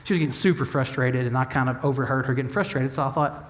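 A young adult man preaching a sermon in an animated, humorous way, acting out the voices of the people he quotes. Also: medium pitch, fast, few pauses. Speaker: pastor.

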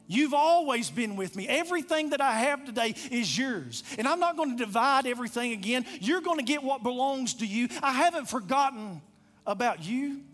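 A patient, loving father pleads gently with his son, as a male preacher voices him. He speaks slowly and softly in a high voice, and faint music plays beneath. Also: expressive, in a large hall, exaggerated voice. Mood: tender. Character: tender patient father, older man.

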